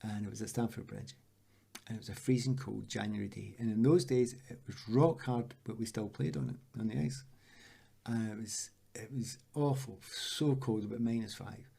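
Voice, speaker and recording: A Scottish man in his sixties, a former footballer, telling lively anecdotes in an interview and acting out the voices of the people he quotes. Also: fairly low pitch, moderate pace, vocal fry, breathy edge. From Scotland.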